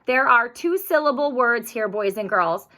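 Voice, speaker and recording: A woman teacher giving a recorded spelling lesson to young children, speaking slowly and clearly in an encouraging way. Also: a little high, lively intonation, sharp tone.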